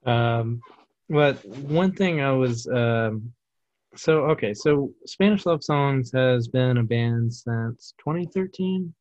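A man's voice: mid-range voice, lively intonation, takes it slowly, a little mellow, no room sound. A man hosting a podcast, chatting loosely and circling his point with lots of "like" and "you know". His voice sits in a middle range and sounds close and dry. The recording is somewhat dull and lo-fi. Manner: loose, rambling, heavy on filler words. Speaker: podcast host. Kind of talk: casual conversation.

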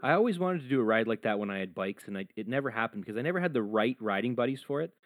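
A man's voice: mid-range voice, expressive, very fast, dry recording. A man guesting on a podcast as a musician, chatting in an easygoing way and often adding "you know". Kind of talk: casual chat.

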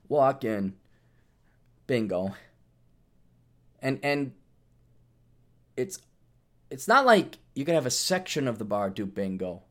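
A man's voice: mid-range voice, takes it slowly, pauses often. A man hosting a podcast, telling rambling, profane stories and acting out quotes. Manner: profane, animated storyteller who acts out quotes. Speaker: podcast host. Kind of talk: rambling comedic monologue.

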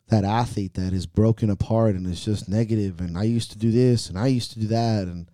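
A man on a podcast talks candidly about his fears as a coach, swearing freely and questioning himself out loud. He sighs and lets his sentences trail off into pauses. His voice sits low and very dark, and it is recorded dry and close with no room sound. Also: no room sound. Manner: earnest, profane, self-questioning.

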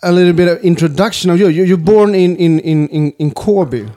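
Hesitant man, higher voice. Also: brisk, mellow. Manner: hesitant, with many fillers and restarts. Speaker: podcast host. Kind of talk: casual interview.

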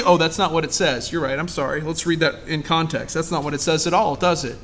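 A pastor preaching a sermon, full of emphatic rhetorical questions. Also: male voice, fairly high pitch, a little fast, sharp tone.

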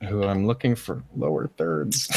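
Casting: low-voiced male player, slow and hesitant, animated pitch. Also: no room sound. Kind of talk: in-character roleplay.

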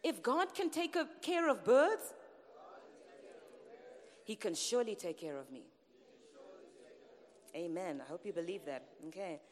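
A woman preaching a sermon to her church, lively and animated, calling out to the congregation. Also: medium pitch, a little slow, pauses often. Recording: reverberant church hall.

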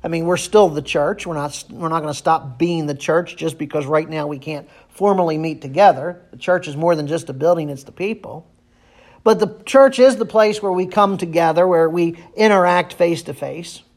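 A man's voice: a little high, moderate pace. A man preaching a sermon as pastor, earnest and repeating phrases for emphasis.

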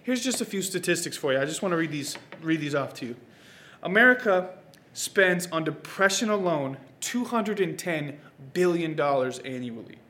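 A young man preaching a sermon, telling a personal story with big swings from hushed to loud. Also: fairly high pitch, animated, moderate pace. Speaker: pastor. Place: church stage or studio, preaching to camera.

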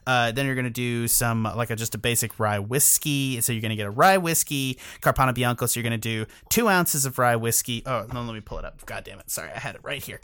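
A man's voice: mid-range voice, fast, hardly any pauses, a bit bright, clear, resonant tone, no echo. A man co-hosting a casual podcast, rambling and cursing, often stopping mid-thought to correct himself. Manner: rambling, profane, self-interrupting. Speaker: podcast co-host.

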